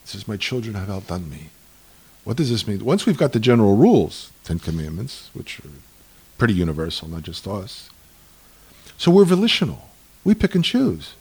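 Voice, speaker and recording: A man talking in a lively, argumentative way about tradition, acting out the voices in the stories he tells. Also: fairly low pitch, moderate pace, breathy edge. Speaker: speaker on Jewish tradition. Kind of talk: animated conversational storytelling.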